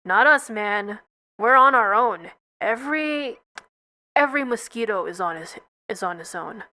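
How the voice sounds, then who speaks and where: A woman's voice: medium pitch, animated, unhurried, bright, forceful tone. A woman voicing a brash, cynical male mosquito who talks in streetwise slang. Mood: griping.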